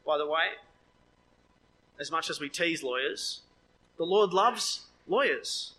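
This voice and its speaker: Man preaching, very bright voice, high pitch, lively and joking, faint noise behind. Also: slow pace, rough recording. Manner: lively, joking asides, voice swings up for quoted speech. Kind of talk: sermon.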